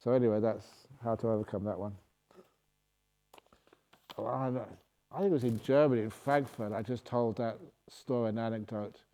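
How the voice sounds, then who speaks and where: A man's voice: mid-range voice, steady tone, normal speed, pauses often, dark tone. A man who is a Buddhist monk answers retreat questions in a humorous, playful way. He reads each question aloud, then jokes his way into the answer. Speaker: Buddhist monk and meditation teacher.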